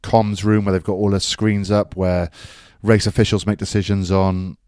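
Easygoing male co-host, low-pitched, deadpan replies, dry close mic. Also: smooth, no echo. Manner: laid-back, dry, unhurried recounting. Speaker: co-host, rugby commentator. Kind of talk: casual podcast banter.

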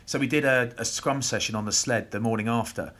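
A man in his forties, a former rugby player, co-hosting a podcast and telling animated anecdotes in casual chat at a rugby stadium. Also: medium pitch, a little fast.

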